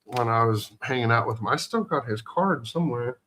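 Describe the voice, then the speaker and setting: A man's voice: mid-range voice, a bit bright. A man in casual chat who reminisces fondly and often restarts his sentences. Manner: halting, fond reminiscing with many restarts.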